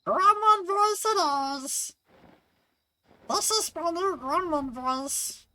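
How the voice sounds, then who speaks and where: A man voicing a cursed, shrill little gremlin with a squeaky, strained sound and a drawn-out, over-the-top delivery. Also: lively intonation, bright, forceful tone, no echo, heavily acted. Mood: gleeful.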